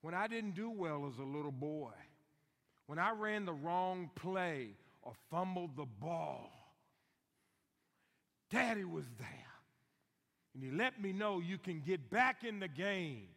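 Lively emphatic man preaching in a hall. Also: high-pitched. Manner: emphatic, repeats key lines, slows for stress. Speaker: guest preacher on fathering. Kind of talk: sermon. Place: church sanctuary. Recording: long hall reverb.

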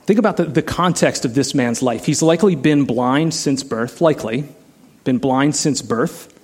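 A man's voice: medium pitch, normal speed, darkish tone, slightly rough. A man preaching a sermon in a casual, conversational way, asking the listeners many rhetorical questions. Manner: many restarts and "like" fillers. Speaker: pastor.

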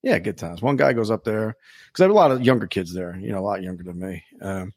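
A man hosting a podcast, telling a story in a casual, animated way, swearing freely and acting out the people he quotes. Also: on the low side, fast, no echo, clean studio sound. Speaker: podcast host.

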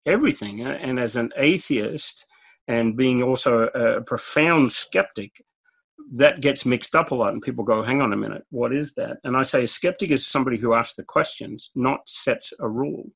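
A man's voice: mid-range voice, normal speed, vocal fry, fairly bright tone, slightly rough. A man with an Australian accent, a guest speaker telling stories in a direct, talkative way and laughing at his own jokes. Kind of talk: conversational storytelling interview.

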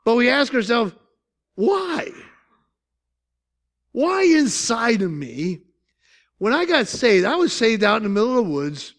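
Animated older pastor from Syracuse. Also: male voice, high-pitched, vocal fry. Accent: Upstate New York. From Syracuse, New York. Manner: animated, joking storytelling with laughs. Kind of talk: sermon.

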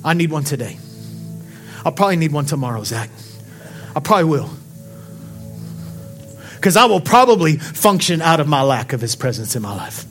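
A male pastor preaching a sermon to his congregation, passionate and full of questions, dropping quiet and then building up to shouts. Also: fairly high pitch, sing-song, normal speed, long pauses, soft background music. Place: church sanctuary.

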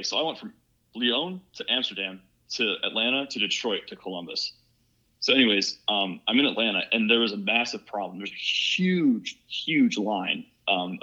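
A young man from Ohio rattles off a story at high speed, his lowish voice edged and sharp. He rambles casually, stuffing every sentence with "like" and "you know". The recording sounds dull and lo-fi. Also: fairly quick, slightly rough. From Ohio, USA. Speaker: podcast guest. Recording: muffled lo-fi recording.

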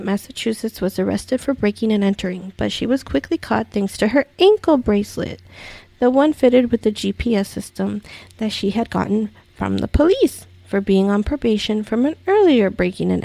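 Gravelly-voiced exasperated woman podcaster. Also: on the high side, warm tone, no echo. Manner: exasperated, rambling, many fillers and restarts. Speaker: podcast host. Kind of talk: casual commentary podcast.

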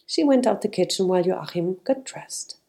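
A woman reading a storybook aloud in a calm, even way. Her voice sits somewhat low and sounds mellow and warm. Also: normal speed, creaky. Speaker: narrator.

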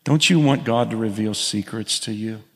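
A man preaching a sermon in a church, animated, calling out to the congregation as he tells a story. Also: fairly low pitch, normal speed. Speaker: pastor. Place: church sanctuary. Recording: long hall reverb.

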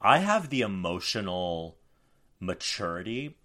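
A man in his forties co-hosting a podcast, telling stories in an animated, profane, self-mocking way. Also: low voice, measured pace. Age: 40s. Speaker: podcast co-host. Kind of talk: casual chat.

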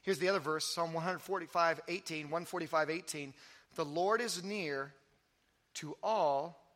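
A man preaching a sermon as pastor, telling stories with energy and then dropping to soft, intimate emphasis. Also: on the high side, a little slow. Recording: long hall reverb.

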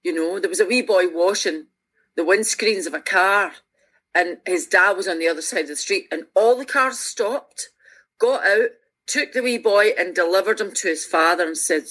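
On a radio show, a sixty-ish Scottish musician with a Glaswegian accent tells reflective, conversational stories earnestly and with feeling. She's animated and frequently restarts, her voice on the low side at a moderate pace.

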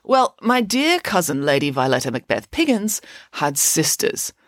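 A woman's voice: sits low, big pitch swings, normal speed, no room sound, clean studio sound, voice pushed down. A woman voicing a confident female pig nanny who speaks emphatically. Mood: emphatic. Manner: emphatic and self-assured.

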